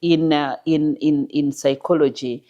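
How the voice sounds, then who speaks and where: A woman's voice: low-pitched, fairly even intonation, a little slow, dark tone, highs cut off. A woman psychologist on a discussion panel, speaking in an emphatic, teacherly way, often quoting scripture and repeating her points. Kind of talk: panel discussion on faith and marriage.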